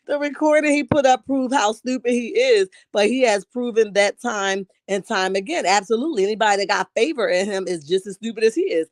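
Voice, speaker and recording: A woman's voice: a little high, brisk, hardly any pauses, dry recording. Sassy woman livestreamer, dry sound. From Camden, New Jersey area. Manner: sassy, calls everyone honey; chatty, greets viewers by name. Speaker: livestream host reading chat. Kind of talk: casual livestream commentary.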